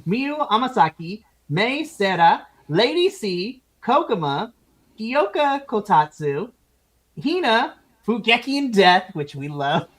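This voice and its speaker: A woman's voice: a little high, sing-song, slow, low-quality recording. A woman hosting a casual wrestling recap, gushing over favorites and laughing often. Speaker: podcast host.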